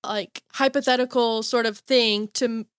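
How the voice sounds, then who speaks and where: A young woman, co-hosting a podcast in casual chat, giggly and animated as she tells stories. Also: a little high, moderate pace, clean tone, no room sound, clean studio sound. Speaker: podcast co-host.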